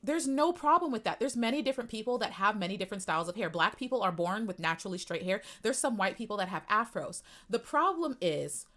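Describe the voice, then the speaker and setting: An upset young woman on a live stream, pouring out an impassioned rant to her viewers at a desk mic. She talks in a middle-pitched voice, near tears, with sudden swells and drops and a habit of repeating herself. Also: animated, fast, few pauses, pushed and bright. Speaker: pageant commentary streamer.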